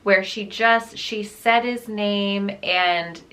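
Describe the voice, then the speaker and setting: Slow-talking woman with a bright voice. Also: mid-range voice, fairly even intonation. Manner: exasperated, emphatic, often laughing. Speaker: book reviewer. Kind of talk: casual ranting book wrap-up.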